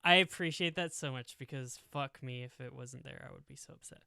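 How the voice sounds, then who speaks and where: A man's voice: mid-range voice, a little fast, gravelly, pushed and bright, smooth, dry recording, clean studio sound. A young man narrating a tabletop game as game master, rambling with lots of fillers. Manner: rambling, full of "like" and "um".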